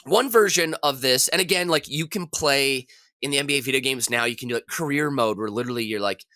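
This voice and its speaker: A man, a podcast contestant, pitching a game idea in casual, rambling chat. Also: fast, pushed and bright, dry recording.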